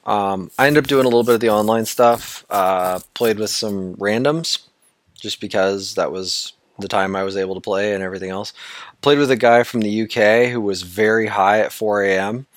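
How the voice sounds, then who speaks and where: A man's voice: lowish voice, moderate pace, no echo. A man co-hosting a casual podcast about a video game, rambling and laughing easily as he talks. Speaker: podcast co-host.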